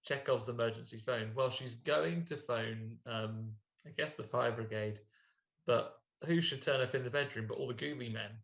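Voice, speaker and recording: Gravelly-voiced man recapping a film. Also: medium pitch, moderate pace, fairly bright tone. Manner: jokey, acts out characters in put-on voices. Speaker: podcast co-host. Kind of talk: casual film recap chat.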